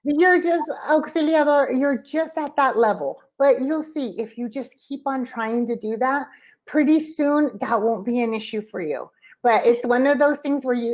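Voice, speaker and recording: An American woman teaches English over a video call, her voice sitting a little high. She is encouraging, laughs often and repeats words as she explains. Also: darkish tone. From USA. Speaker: English tutor. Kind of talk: casual online lesson chat.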